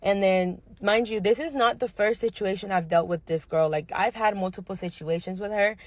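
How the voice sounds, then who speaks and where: A young woman nail technician casually telling a storytime about a difficult client, animated and slangy. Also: mid-range voice, normal speed, no room sound. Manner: animated, slangy retelling with quoted dialogue.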